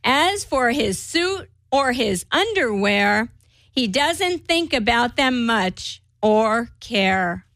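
A woman reading quotes and a light poem aloud in a measured, clear voice. Her tone is high and bright, and she reads slowly. The sound is dry, with soft music underneath. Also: sing-song, dry recording. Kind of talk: scripted reading of quotes and poems.

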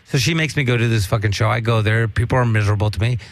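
A man's voice: fairly low pitch, very fast, dry recording. A man, a stand-up comedian, telling rambling, profane stories in casual chat.

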